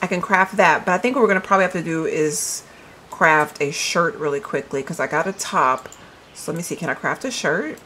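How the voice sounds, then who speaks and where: A woman's voice: deep voice, fairly quick, a bit bright, a little hiss or hum, low-quality recording. A woman giving casual let's-play commentary, chatty and puzzled, thinking aloud to her viewers. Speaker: gaming video creator.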